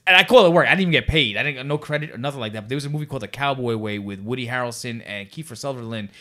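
A man in his forties, of Puerto Rican heritage, telling a story in casual chat, profane and animated. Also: medium pitch, rapid-fire. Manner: profane, animated, lots of restarts. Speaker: podcast guest.

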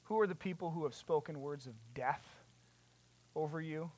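A preacher delivering a sermon with passion, asking rhetorical questions and building to loud, emphatic peaks. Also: mid-range voice, moderate pace, husky.

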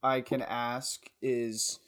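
A man hosting a podcast interview, asking careful, measured questions with some fillers. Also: medium pitch, flat delivery, a bit bright. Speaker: podcast host.

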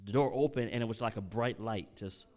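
Talking fast at a medium pitch, a middle-aged male pastor delivers an animated sermon. He shares a personal story with emotion and throws questions out to the congregation.

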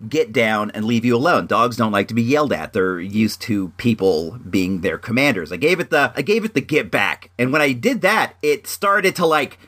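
Animated rambling man telling a story. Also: medium pitch, normal speed, few pauses. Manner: rambling, restarts often, animated. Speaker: vlogger. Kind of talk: casual storytelling monologue.

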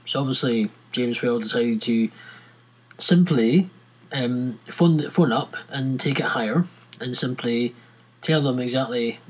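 Scottish man, husky voice, middle pitch, rambling casual rant to camera, lots of restarts. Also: normal speed, rough recording. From Scotland. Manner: rambling, with many restarts and fillers.

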